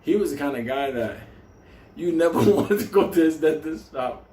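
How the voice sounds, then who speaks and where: A man's voice: fairly high pitch, expressive, normal speed, mellow. Profane man laughing through a story. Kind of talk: casual storytelling. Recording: roomy echo, faint hum.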